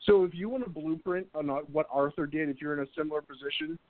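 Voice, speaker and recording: A man's voice: on the high side, fast, no echo. A man hosting a live internet radio show, chatting casually and energetically with frequent restarts. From North Carolina. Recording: tinny phone-like line.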